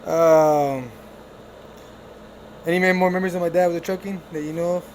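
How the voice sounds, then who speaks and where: A man hosting a podcast who asks short, relaxed questions and laughs along with his guest. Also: a little high, normal speed, slight background noise. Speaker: podcast host, interviewer. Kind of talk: casual interview.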